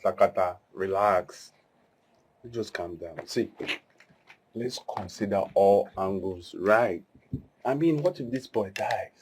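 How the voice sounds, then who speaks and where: An actor plays a steady accomplice who keeps urging the others to calm down. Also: male voice, fairly low pitch, slow, pauses often, slight background noise. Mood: soothing. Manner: soothing, repeatedly urging calm. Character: calm older-minded male accomplice, soothing. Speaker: kidnapper. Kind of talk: film drama acting.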